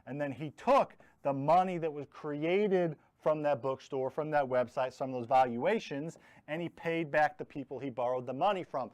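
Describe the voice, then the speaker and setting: The host of a live online training on real estate investing speaks at normal speed in a voice on the high side with a darkish tone. He talks bluntly, cracks jokes, and leans hard on his key words.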